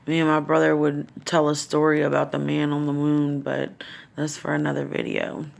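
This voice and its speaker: In a creaky, low-pitched monotone at normal speed, a middle-aged woman vlogs through her grief. Profane and raw, she holds back tears and talks from the heart in a deeply personal, emotional clip.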